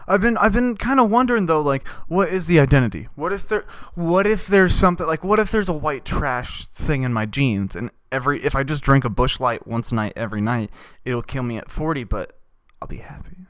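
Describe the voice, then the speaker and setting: A young man rambles through a deadpan comic monologue, tossing in "right?" after nearly every thought. His voice is smooth and resonant, recorded close and dry with no room sound. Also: fairly high pitch, brisk, few pauses, no room sound. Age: young adult. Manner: deadpan, absurd, with many "right?" asides. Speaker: podcast host.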